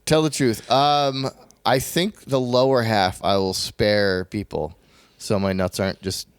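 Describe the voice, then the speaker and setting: A man's voice: fairly low pitch, steady tone, a little slow, clear, resonant tone, dry recording, studio quality. A man co-hosting a casual podcast chat, laughing often and rambling with restarts and fillers. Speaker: podcast co-host.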